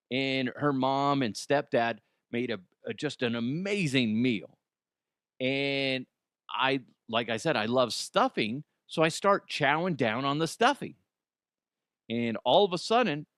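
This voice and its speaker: A man's voice: mid-range voice, a bit bright, no room sound, studio quality. A man hosting a comedy podcast, telling stories in a loose, profane way with stammered restarts. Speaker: podcast host. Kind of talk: comic storytelling.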